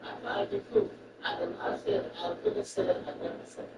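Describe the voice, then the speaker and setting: Rambly casual chat, gravelly voice, far from the mic, loud traffic behind. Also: very high voice, fairly even intonation, fairly quick, roomy sound. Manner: rambling, repeats phrases. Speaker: person chatting.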